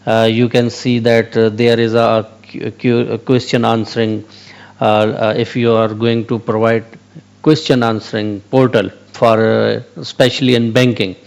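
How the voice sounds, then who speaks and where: Lowish and creaky yet clear and resonant, this man's voice is flat and measured. Hosting a channel about AI, he explains ideas at a whiteboard off the cuff, hesitating often with fillers, restarts, and frequent "okay."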